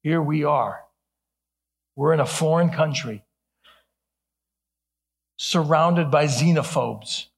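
Husky male pastor from Ohio, middle-aged, earnest sermon with jokes, voice sits on the high side. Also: takes it slowly, pauses often. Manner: earnest, then playfully animated with jokes. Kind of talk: sermon with humorous asides.

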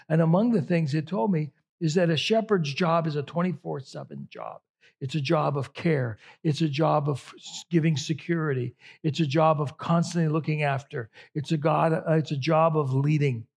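A man's voice: on the high side, darkish tone, husky. A man preaching a sermon as a pastor, conversational and emphatic, drawing out key phrases.

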